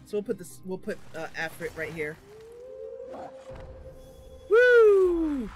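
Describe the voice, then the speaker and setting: A woman's voice: low voice, fairly quick, soft background music. A woman streamer narrating a game roleplay in a giggly, rambling way.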